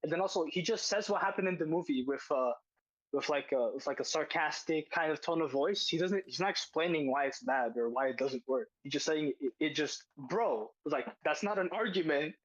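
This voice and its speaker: A man's voice: a little high, brisk, dry recording, highs cut off. A man hosting a casual podcast chat, arguing emphatically and repeating his points as he reacts to a video. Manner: argumentative, emphatic, repeats phrases. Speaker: podcast host.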